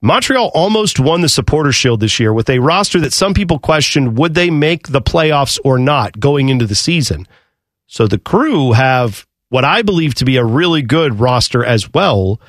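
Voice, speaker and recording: A man's voice: mid-range voice, animated, moderate pace, no room sound, clean studio sound. A man co-hosting a sports radio show, talking casually and musing about the game. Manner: conversational, musing.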